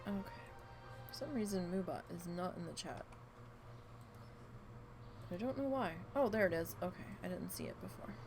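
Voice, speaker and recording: With music playing in the background, a woman streamer talks at a normal speed in a lowish voice, pausing often. Her allergies have her congested and losing her voice as she chats during a live game, rambling through a story, performing the quoted lines and perking up for her dog's lines.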